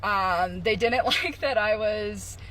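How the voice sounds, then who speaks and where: A man telling a casual storytime vlog with animated, laughing delivery and some swearing. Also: high-pitched, slow. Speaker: content creator.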